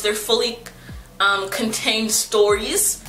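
A young woman who vlogs about books chats casually to the camera, rambling with many fillers and teasing herself playfully. Her voice is fairly high, slow, pushed and bright. The room has a noticeable echo, with faint music playing in the background.

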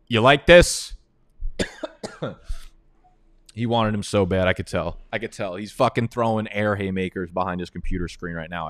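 A man's voice: on the low side, smooth, dry recording, studio quality. Profane, trash-talking young man. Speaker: fantasy football analyst. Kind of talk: casual live-stream commentary.

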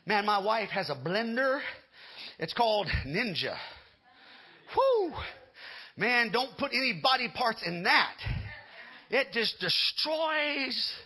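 Husky, high-pitched shouting preacher man. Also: very animated, slow pace, long pauses. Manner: shouting, fervent preaching with calls of amen and hallelujah. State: out of breath. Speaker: pastor. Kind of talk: sermon.

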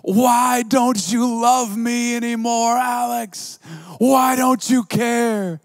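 A man's voice: very high-pitched, fairly even intonation, takes it slowly, dry recording, studio quality, pitched above the performer's own voice. A man voicing a heartbroken young woman who screams and pleads desperately at her leaving boyfriend.

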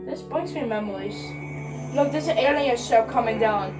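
A woman hosting a casual reaction video on a headset, chatty and excitable, talking back at the screen. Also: on the high side, moderate pace, low-quality recording. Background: music from the video being watched.

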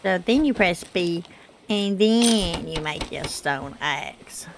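A woman in her thirties with a Southern US accent, chatting casually through gameplay, her voice rough from congested sinuses. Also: fairly low pitch, animated, slow pace, background noise. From Southern United States. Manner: chatty, rambling, self-deprecating with fillers. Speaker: gaming channel host.

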